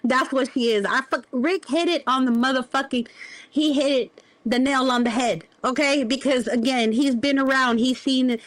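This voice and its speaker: High-voiced woman ranting, profane. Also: no echo. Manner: profane, confrontational, drawn-out insults. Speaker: livestream host. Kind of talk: heated livestream rant.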